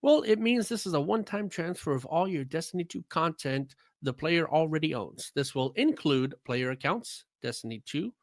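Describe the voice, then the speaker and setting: Lively high-voiced man podcasting. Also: moderate pace, few pauses, dry recording. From United States. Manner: jokey, reads notes aloud with frequent laughs. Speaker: podcast host reading news. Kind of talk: casual gaming podcast chat.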